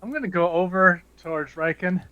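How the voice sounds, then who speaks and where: A man playing a tabletop game, chatting casually in a quick, animated way. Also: high-pitched. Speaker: player. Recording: dull lo-fi mic.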